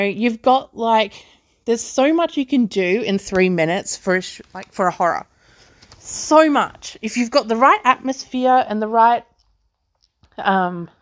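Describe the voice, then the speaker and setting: A woman hosting a podcast, casually reviewing films in a chatty way, full of "like" fillers and quick laughs. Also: mid-range voice, dry recording, studio quality. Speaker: podcast host, film reviewer. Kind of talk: casual movie review chat.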